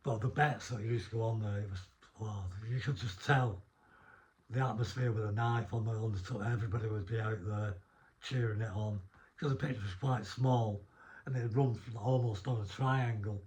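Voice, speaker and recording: A middle-aged former prison officer from Northern England, with a Northern English accent, talks in a lowish, darkish voice with fairly even intonation at normal speed. In a casual interview he rambles through anecdotes, restarting sentences and swearing mildly.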